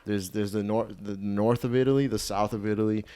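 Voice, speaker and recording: A man's voice: fairly low pitch, fairly even intonation, brisk, dark tone. A man in his twenties hosting a comedy podcast, rambling, profane and self-mocking. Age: 20s. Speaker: podcast host and stand-up comedian. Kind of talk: casual comedy podcast chat.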